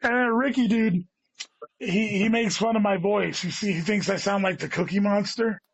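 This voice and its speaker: A man's voice: sits high, normal speed. A man, a guest comedian, telling a long casual story and swearing often, saying "dude" all the time. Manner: rambling, heavy swearing, says "dude" constantly. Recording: dull lo-fi sound.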